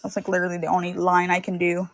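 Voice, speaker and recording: Young woman with a gravelly, rambling voice. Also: on the low side, monotone, rapid-fire, dry recording. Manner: rambling, filler-heavy storytelling. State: sore, itchy throat. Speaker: online reseller selling DVDs and VHS tapes. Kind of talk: casual livestream chat.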